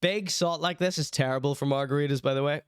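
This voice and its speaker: A man's voice: on the high side, fast talker, slight background noise. A man giving teasing, chatty live-stream commentary on clips. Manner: teasing, chatty, mock-outraged asides.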